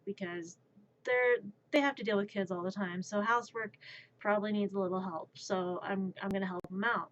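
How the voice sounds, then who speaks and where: A woman's voice: mid-range voice, steady tone, normal speed. A woman streamer telling a casual story, rambling and stammering, often repeating her words. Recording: muffled lo-fi stream audio.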